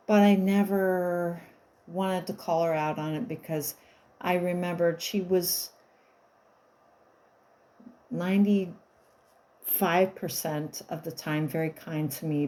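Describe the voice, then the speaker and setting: A woman's voice: lowish voice, dark tone, low-quality recording. A woman in her fifties telling stories in a casual monologue, rambling, wry and blunt, with the odd swear.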